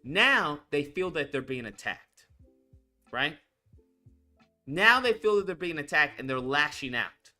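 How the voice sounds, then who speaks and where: Male commentary host, blunt and profane, high-pitched and lively, with soft guitar music underneath. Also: unhurried, pauses often. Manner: blunt, profane, repetitive and heated. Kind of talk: casual political commentary rant.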